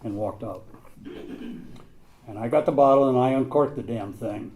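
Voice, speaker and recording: A man's voice: mid-range voice, normal speed, mellow. An older man telling his own recovery story to a group, blunt and plain-spoken, with some mild swearing. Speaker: recovery meeting speaker.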